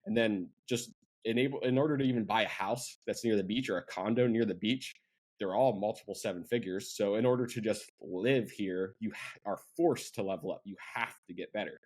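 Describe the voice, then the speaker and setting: A man's voice: fairly low pitch, fairly quick, darkish tone. A man from central Pennsylvania, a marketing agency owner, chatting casually as a podcast guest with lots of fillers and asides. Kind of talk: casual interview chat.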